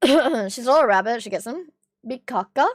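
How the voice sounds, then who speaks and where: A young woman from Australia streaming casually with a hoarse, strained voice, chatting, swearing and reading chat aloud. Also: on the high side, animated, normal speed, no echo, studio quality. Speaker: livestreamer.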